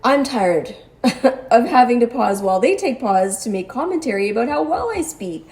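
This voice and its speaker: A cancer patient talks through her own story in a brisk, slightly high voice that swings widely in pitch and has a darkish tone. The monologue is personal, articulate, and exact, with an exasperated, wry undertone.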